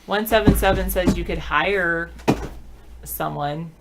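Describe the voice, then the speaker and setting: A woman's voice: on the low side, very noisy. Playful woman co-hosting a talk show. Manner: playful, quick to act out quoted lines. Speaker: co-host. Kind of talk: casual dating-advice banter.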